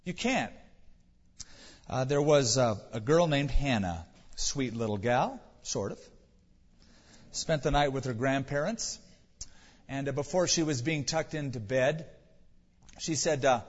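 Husky-voiced man preaching a sermon. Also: mid-range voice, expressive, unhurried, long pauses, long reverb tail, highs cut off. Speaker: pastor.

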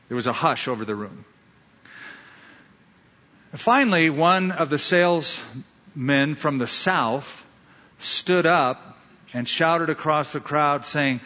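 A man preaches a sermon to his congregation, telling stories and driving points home by repeating them. His voice is bright, forceful and slightly high. The sound is a little dull and carries the long reverb of a large hall. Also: animated, a little slow. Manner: preacherly storytelling with emphatic repetition. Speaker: pastor.

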